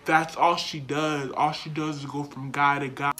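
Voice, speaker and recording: A woman's voice: sits low, flat delivery, normal speed, fairly bright tone, voice pushed down. A young woman putting on the voice of a stern male school staffer who lectures and accuses, reenacting him in a storytime vlog. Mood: lecturing.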